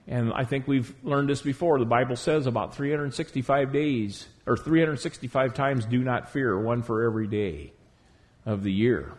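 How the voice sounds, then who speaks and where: A man preaching a sermon to a congregation in a church, emphatic, drawing out key words slowly. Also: mid-range voice, animated. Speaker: pastor.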